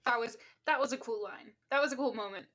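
A woman's voice: a little high, fast talker, a bit bright. A woman co-hosting a podcast, chiming in with wry, joking reactions to a book recap. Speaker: podcast co-host. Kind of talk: casual book chat.

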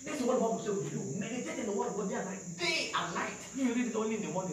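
In a very high, sing-song voice, a preacher races through his sermon with hardly any pauses, hammering points, repeating lines, and questioning his listeners. The sound is distant and very echoey, as in a large hall, with faint noise.

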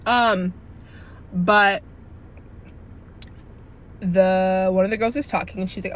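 A woman's voice: medium pitch, slow pace, pauses often. Blunt, profane young woman venting. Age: early 20s. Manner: animated, profane, frequent "like" fillers; indignant and blunt. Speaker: vlogger telling a workplace story. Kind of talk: casual storytime rant.

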